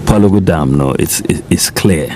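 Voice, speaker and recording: A man's voice: deep voice, moderate pace, a little mellow, a little hiss or hum. A middle-aged man with a Ghanaian accent, speaking as a politician guest in a radio interview, emphatic and repeating his points while mixing in Twi.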